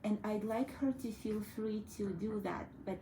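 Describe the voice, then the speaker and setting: A woman teaching a young child piano, gently coaxing and encouraging her through each step. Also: medium pitch, fairly even intonation, normal speed, a little hiss or hum, poor audio. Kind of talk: one-on-one children's piano lesson. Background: piano playing.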